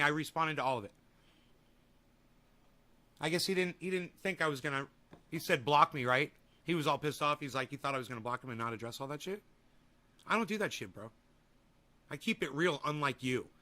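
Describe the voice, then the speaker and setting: A man's voice: a little high, fairly quick, pauses often, sharp tone. A man hosting a livestream, reading chat comments and answering them in a profane, combative, rambling way. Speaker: livestream host.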